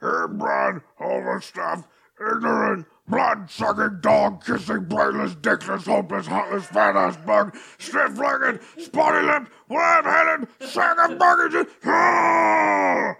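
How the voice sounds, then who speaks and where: A man voicing the Hulk, shouting a furious rant of insults. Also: high voice, huge pitch swings, takes it slowly, creaky, pitched above the performer's own voice, heavily acted. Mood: raging. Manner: shouting, roaring insults in a strained voice. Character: raging green giant doing an angry office rant.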